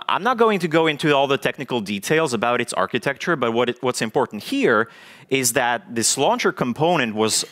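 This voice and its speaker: A man giving a technical talk at a conference, in a medium-pitched voice. His delivery is halting, full of fillers and repeated words as he works through each point. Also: fairly bright tone. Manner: halting, many fillers and restarts. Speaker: conference speaker. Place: conference stage.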